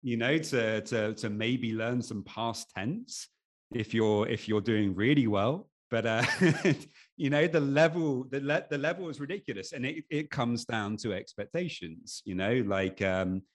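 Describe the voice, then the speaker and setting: A man's voice: medium pitch, a little slow. A middle-aged English man with an English accent, a podcast guest talking casually with many restarts and fillers. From England. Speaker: podcast guest, anxiety coach. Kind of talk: casual conversation.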